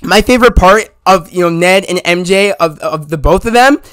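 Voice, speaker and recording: A man giving a casual, excited spoiler review of a movie, retelling scenes in a rambling way with many restarts. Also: high voice, normal speed, smooth, no echo.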